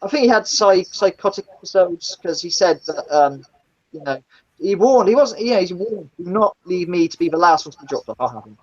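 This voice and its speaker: A woman tells gritty stories in casual chat. She is blunt and swears freely, and she acts out the people she describes with a very lively pitch. The stream audio sounds dull and lo-fi. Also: brisk. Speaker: guest, former taxi driver. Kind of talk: casual storytelling in a live chat.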